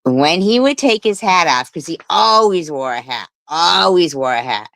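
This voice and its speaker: A woman's voice: on the low side, lively intonation, normal speed, fairly bright tone, no echo, poor audio. A middle-aged woman hosting a live stream, telling a rambling story with swearing and laughs. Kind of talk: casual live stream chat.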